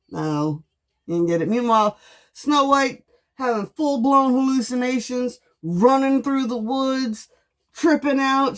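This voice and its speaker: A woman tarot reader telling a story in a casual monologue, sassy and animated, swearing freely. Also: on the high side.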